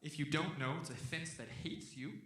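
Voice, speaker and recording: A young man from Texas telling a long stand-up story on stage, jumping into loud shouted voices for the people in it. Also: on the high side, normal speed, background noise. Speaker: stand-up comedian. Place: comedy stage before a live audience. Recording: echoey venue heard from a distance.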